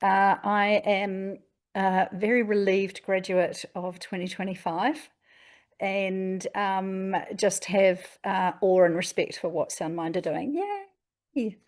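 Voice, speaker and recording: A woman's voice: medium pitch, flat delivery, takes it slowly. A woman with a New Zealand accent introducing herself on a video call, chatty and enthusiastic. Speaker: graduate, panelist. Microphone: computer mic on a video call.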